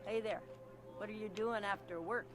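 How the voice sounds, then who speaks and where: A man doing a flirty high-voiced woman. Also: fairly even intonation, normal speed, over music, lightly acted. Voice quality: high, sing-song falsetto.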